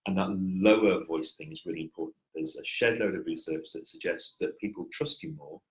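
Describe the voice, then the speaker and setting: A man with a fairly low voice, talking over a headset on a video call. He coaches with calm explanations and slips in dry, wry jokes. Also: brisk, rough recording. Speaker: presentation coach. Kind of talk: coaching feedback chat.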